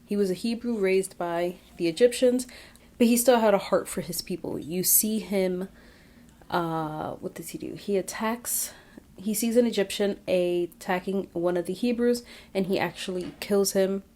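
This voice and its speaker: A woman's voice: mid-range voice, measured pace, mellow. A woman giving a casual, reflective Bible recap, chatty with many fillers and restarts. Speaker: Bible study vlogger. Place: outdoors, windy.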